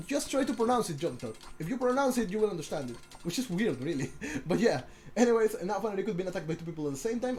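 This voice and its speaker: Casting a strategy game on a live stream, an excitable man talks to his chat in a high-pitched voice. He frequently restarts and repeats words.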